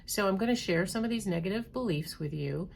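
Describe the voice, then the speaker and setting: A woman therapist giving a calm, measured educational talk, reading items slowly. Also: medium pitch, vocal fry, a little hiss or hum. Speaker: trauma therapist.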